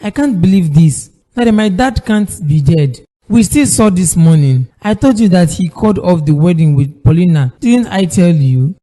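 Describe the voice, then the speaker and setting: Man playing grieving young son, cartoon, Nigerian accent, high, very dark tone, reverberant. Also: animated, normal speed, hardly any pauses. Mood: distraught. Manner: distressed, pleading. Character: young adult son, emotional and worried. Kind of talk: cartoon voice acting.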